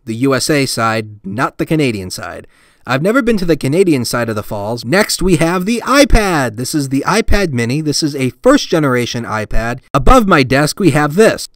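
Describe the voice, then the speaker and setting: A man hosting his tech channel, giving a relaxed, self-deprecating tour of his computer setup with plenty of fillers. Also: a little high, no echo. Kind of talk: casual tour vlog with voice-over.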